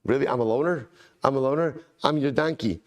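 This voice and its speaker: A man's voice: medium pitch, a little fast, close to an everyday voice. A man voicing an indignant, put-upon talking she-donkey who keeps repeating herself in exasperation.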